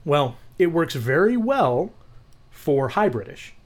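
A man co-hosting a podcast, telling animated stories in casual chat and swearing freely. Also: fairly high pitch, slow pace. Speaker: podcast co-host.

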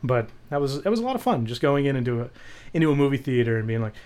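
A man's voice: mid-range voice, racing. Man telling swear-laced casual stories. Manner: storytelling, swears casually, animated. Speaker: podcast co-host. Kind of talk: casual chat.

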